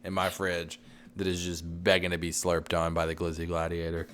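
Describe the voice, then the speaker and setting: Dad podcast co-host, very low voice, loud rambling chat, voice cutting out. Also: male voice, monotone, brisk, clean tone. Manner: rambling, loud, says he is yelling and redlining. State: voice fading. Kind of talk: casual chat.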